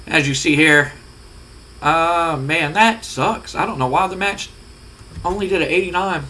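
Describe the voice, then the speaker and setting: A man's voice: fairly high pitch, measured pace, pushed and bright, rough recording. A man giving casual, rambling commentary on a wrestling simulation game, often swearing. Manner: rambling, profane, conversational. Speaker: let's play host.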